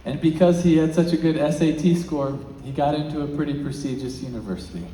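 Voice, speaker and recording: A man giving a motivational talk as a featured speaker, telling a story and swinging between hushed and loud, excited passages. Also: on the high side, a little fast, slight background noise. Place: large event hall. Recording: echoey hall.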